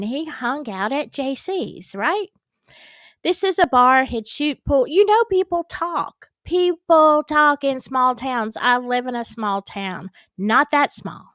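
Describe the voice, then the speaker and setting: A woman's voice: high-pitched, no echo. A woman giving casual, emphatic commentary on a trial, talking directly to her viewers. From American South. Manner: animated, emphatic, talks to the audience. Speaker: true crime commentator.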